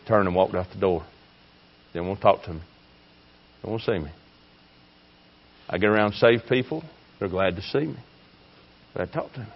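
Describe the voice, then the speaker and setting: A man preaching a fiery sermon, swinging between shouting and hushed tones. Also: lowish voice, moderate pace, long pauses, highs cut off. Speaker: pastor.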